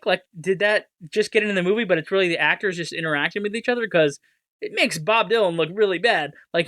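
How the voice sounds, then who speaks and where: Bright, chatty male podcast host. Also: sits high, no room sound, clean studio sound. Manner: rambling, enthusiastic, self-deprecating. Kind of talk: casual chat.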